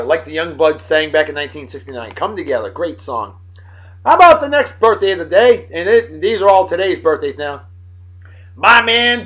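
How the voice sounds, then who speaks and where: Man, late 30s, beer vlog host; boisterous and self-hyping, slightly high voice. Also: a bit bright, poor audio. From Martha's Vineyard, Massachusetts. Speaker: host of a beer-of-the-day show. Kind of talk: casual beer-tasting vlog.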